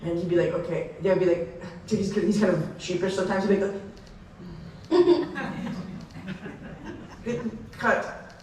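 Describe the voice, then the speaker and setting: A young man on a convention panel, a celebrity guest, fields fan questions in a high-pitched, mellow voice with a level tone, talking fast. He rambles and restarts sentences with laughing asides, heard distantly in an echoey hall with a bit of hiss or hum.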